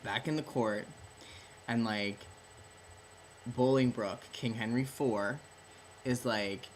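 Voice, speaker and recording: A man's voice: medium pitch, takes it slowly, slight background noise. A tipsy young man retelling a play for laughs, rambling, swearing and saying "like" constantly, close to the camera. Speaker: host. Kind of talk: drunk comedic plot retelling. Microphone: camera at close range.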